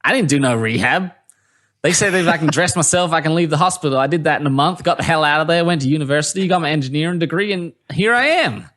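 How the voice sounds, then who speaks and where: A man putting on a booming cheery Southern guy. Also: fast, lightly acted. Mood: bossy upbeat. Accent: American Southern (put on). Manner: loud, cheery, pushy encouragement. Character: bubbly outgoing Southern man, upbeat and blunt.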